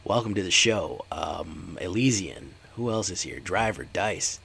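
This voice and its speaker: A man's voice: deep voice, lively intonation, unhurried, creaky, bright, forceful tone, a little hiss or hum. A man giving casual, chatty commentary while streaming a card game and talking to his live chat.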